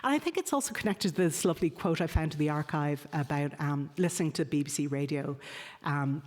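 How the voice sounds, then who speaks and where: A woman's voice: low-pitched, a little fast, darkish tone. A woman giving an academic lecture, hesitating often with ums and uhs as she corrects herself. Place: lecture hall. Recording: reverberant lecture hall.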